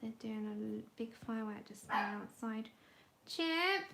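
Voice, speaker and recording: A woman hosting a casual colouring livestream from home on her phone, chatting with viewers and coaxing her dog in a high voice. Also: monotone, normal speed, creaky, heavy background noise. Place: home indoors.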